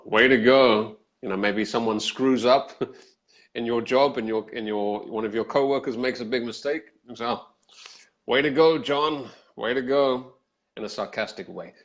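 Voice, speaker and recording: A man's voice: medium pitch, dull audio. A man co-hosting a live English Q&A, explaining phrases and acting out example tones of voice. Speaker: English teacher, co-host. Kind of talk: live-streamed Q&A chat.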